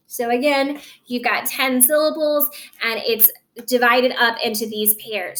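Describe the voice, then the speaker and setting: A woman teaching a recorded lesson, patiently guiding students and stretching words slowly to show which syllables are stressed. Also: a little high, a bit bright.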